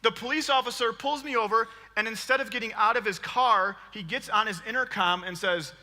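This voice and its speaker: Bright-voiced man preaching in a reverberant hall. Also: very high voice, fairly quick. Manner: animated, joking, laughs often. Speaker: guest preacher. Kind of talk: storytelling sermon. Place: church hall.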